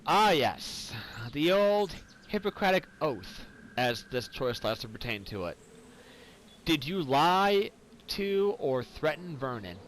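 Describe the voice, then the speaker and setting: A man's voice: on the high side, fairly bright tone, a little hiss or hum, poor audio. A tipsy man, rambling and swearing through casual game commentary after some whiskey. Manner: rambling and profane. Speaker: gaming commentator.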